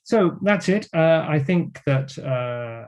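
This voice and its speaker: Older man lecturing, mellow voice. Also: fairly high pitch, lively intonation. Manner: measured lecturing with frequent fillers. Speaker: guest speaker. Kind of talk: academic talk.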